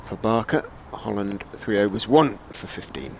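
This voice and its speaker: Low-voiced male cricket commentator. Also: creaky, a little mellow, a little hiss or hum. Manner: measured, storytelling between deliveries. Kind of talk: live ball-by-ball cricket commentary.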